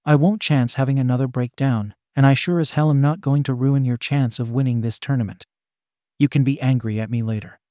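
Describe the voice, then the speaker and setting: A man's voice: mid-range voice, fairly even intonation, a little fast, warm tone, no echo, studio quality, close to an everyday voice. A man voicing a determined teenage boy training to be a hero, speaking firmly and matter-of-factly.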